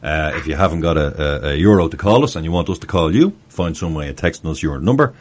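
A man's voice: very deep voice, animated, fast talker, a little mellow, a little hiss or hum. An Irish man hosting a casual call-in show over a video call, chatty and jokey, laughing often. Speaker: host.

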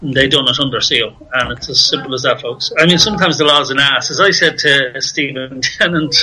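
Bright-voiced man on a video call. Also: mid-range voice, brisk, poor audio. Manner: easygoing, laughs while explaining. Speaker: guest. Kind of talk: casual interview chat. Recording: faint background noise.

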